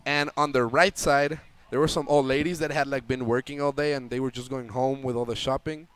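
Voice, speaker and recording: A young man, a tournament player, telling an animated story to a chat audience and acting out the voices in it. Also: mid-range voice, a little fast, clean tone. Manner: lively, acts out voices in the story. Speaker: interview guest, tournament player.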